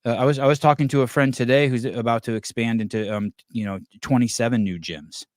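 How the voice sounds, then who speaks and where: A man's voice: medium pitch, fairly even intonation, fairly quick, darkish tone, no room sound, studio quality. A man hosting a podcast in casual chat, swearing freely and restarting his sentences often. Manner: profane, rambling, many restarts. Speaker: podcast host. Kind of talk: casual live-stream chat taking calls.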